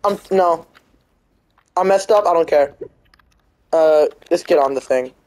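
A man giving casual let's-play commentary, rambling, blunt and excitable. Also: fairly high pitch, a little slow, poor audio. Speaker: gameplay host.

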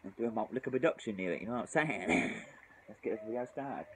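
A man's voice: on the low side, animated, fast talker, fairly bright tone, slight background noise, low-quality recording. A British man rambling and swearing through a casual drinking vlog outdoors in the cold, tipsy and shivering, sighing often. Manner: sweary, rambling, frequent sighs. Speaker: drinking vlogger.

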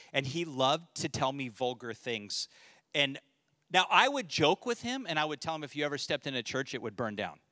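A man's voice: medium pitch, pushed and bright, clear, resonant tone, no room sound, clean studio sound. A man, a pastor, giving a casual, joking Bible teaching to a men's study group and reading scripture aloud.

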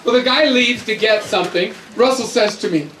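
A man's voice: sits high, brisk. A middle-aged man from North America giving a humorous, emphatic storytelling sermon to a youth audience. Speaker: youth conference speaker. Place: large hall with audience. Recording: echoey hall, distant mic, audience noise.

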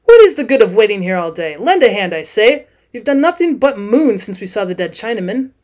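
A man's voice: very high voice, very animated, normal speed, darkish tone. A woman reading as an angry, desperate treasure hunter.

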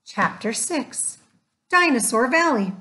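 Slow, gentle woman reading a storybook. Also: sits high, very animated. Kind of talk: scripted storybook narration.

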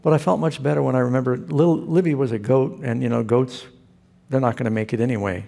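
A man's voice: mid-range voice, fairly even intonation, quick pace, gravelly, mellow. A male pastor who preaches a sermon in a folksy, storytelling way.

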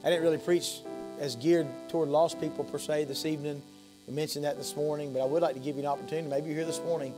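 A man, a pastor preaching an evening sermon in a church. His preaching swings between high, loud passages and soft, low ones, and he often repeats and restarts phrases. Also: fairly even intonation, fast talker, over music, low-quality recording. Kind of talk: evening sermon with altar call. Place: church sanctuary.

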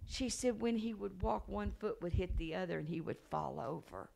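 A woman evangelist telling a healing story in a sermon, acting out the people she quotes and rising to loud praise. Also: fairly low pitch, lively intonation, normal speed, gravelly. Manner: storytelling with acted quotes, building to shouted praise. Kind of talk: sermon testimony.

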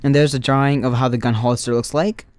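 A man's voice: medium pitch, fairly even intonation, fast, a little mellow, no echo. A young man telling a storytime and drawing a tutorial in a casual, joking, rambling way. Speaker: YouTuber.

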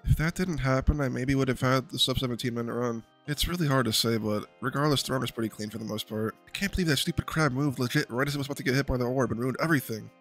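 A young man doing a casual voice-over commentary on his game progress, excitable and swearing when hyped. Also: medium pitch, fast talker, hardly any pauses, soft background music. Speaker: gaming video creator.

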